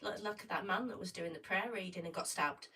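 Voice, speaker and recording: A woman's voice: fairly low pitch, fairly quick, pushed and bright, distant mic, rough recording. A woman co-hosting a casual live stream, reading viewer comments aloud in a chatty, teasing way and laughing often.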